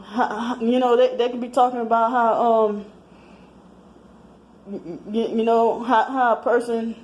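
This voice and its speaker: A woman's voice: fairly high pitch, little pitch movement, measured pace, darkish tone, muffled recording. A woman in her thirties talking in a rambling personal monologue, slightly out of breath, with many restarts and fillers. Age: 30s. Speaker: vlogger.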